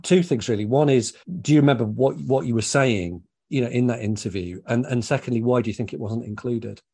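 A man's voice: medium pitch, brisk, gravelly, a little mellow, breathy edge. A man interviewing a guest, asking polite, probing questions. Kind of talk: oral history interview.

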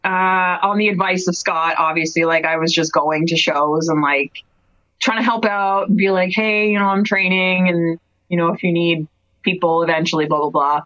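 A woman in her thirties from Cape Breton, telling stories casually in an interview, full of "like"s and quick laughs. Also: fairly low pitch, fairly even intonation, fairly bright tone, no room sound. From Canada, Cape Breton. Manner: chatty storyteller, many "like"s, laughs often. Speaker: guest wrestler. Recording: dry, dull lo-fi podcast audio.

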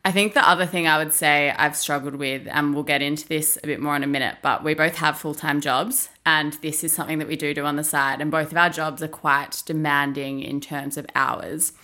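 A woman's voice: deep voice, steady tone, a little fast, hardly any pauses, bright, forceful tone. A young woman co-hosting a podcast, speaking in an open, reflective, earnest way. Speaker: podcast co-host. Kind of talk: casual chat.

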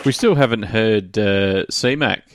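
A man's voice: lowish voice, slow. A man co-hosting a gaming podcast, easygoing and prompting the others for impressions. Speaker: podcast co-host. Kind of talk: casual podcast chat. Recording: crowd and noise behind.

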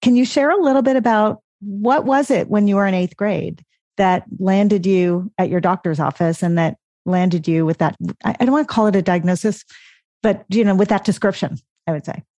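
A woman co-hosting a podcast, asking questions gently and choosing her words carefully. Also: medium pitch, moderate pace, no echo, highs cut off. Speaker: podcast co-host. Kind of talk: conversational interviewing.

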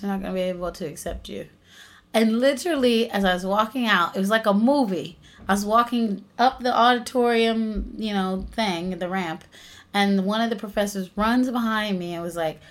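Young american woman, actress guest, animated storytelling, laughs a lot. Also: medium pitch, a little fast. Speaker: interview guest, stage actress and singer. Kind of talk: casual interview chat.

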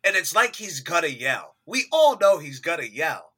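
Animated, bright-voiced man reviewing a movie. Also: on the high side, normal speed, husky. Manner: animated, laughs often, mimics actors with loud outbursts. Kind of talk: casual movie review chat.

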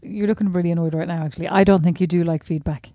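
A woman's voice: on the low side, steady tone, very fast, dark tone, dry recording, muffled recording. Woman, older sister, podcast co-host, blunt, teasing, dry close mic. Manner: blunt, teasing, swears freely. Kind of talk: casual sisters' chat.

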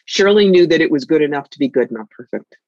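A woman's voice: sits low, fast talker, no room sound, dull audio. A woman guest telling personal family stories candidly and reflectively in conversation. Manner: candid, reflective, with lively emphasis. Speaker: author and guest.

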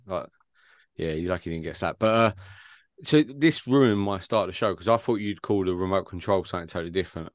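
A quick-talking man co-hosts a casual podcast, joking and telling stories. His voice sits low, and the recording is dry and close. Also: dry recording. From England. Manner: joking banter, storytelling with quoted voices. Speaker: podcast co-host. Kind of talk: casual chat.

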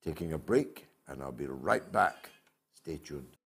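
A man's voice: a bass voice, animated, measured pace, vocal fry. An older man hosting a call-in show, combative and mocking, reading viewer comments aloud. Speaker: host. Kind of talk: opinionated call-in show talk.

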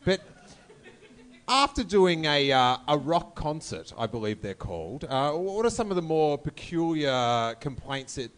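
A man's voice: a little high, sing-song, unhurried, a bit bright. A man hosting a casual podcast, wry and joking, with many fillers as he asks questions. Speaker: podcast host.

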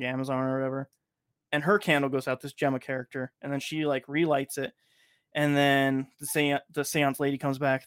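A man's voice: medium pitch, a bit bright, clean tone, dry recording, studio quality. A man hosting a podcast in casual chat. He rambles and swears, with lots of filler words. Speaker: podcast host.

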